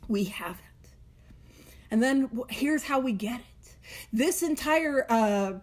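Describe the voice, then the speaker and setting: A woman leading a recovery book study, earnest and direct, at times slipping into playful sarcasm. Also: high voice. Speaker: Big Book study leader.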